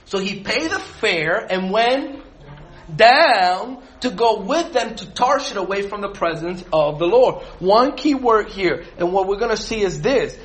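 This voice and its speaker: A high-voiced man teaching a Bible study group. His pitch leaps around as he talks. He keeps putting questions to the group and laughs often. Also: lively intonation, normal speed, hardly any pauses, a bit bright.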